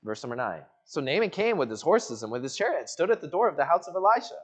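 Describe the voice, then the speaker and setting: In a church sanctuary, a male pastor preaches an expository sermon, acting out the voices of the people in the story. His fairly high voice swings widely in pitch, and he talks quickly.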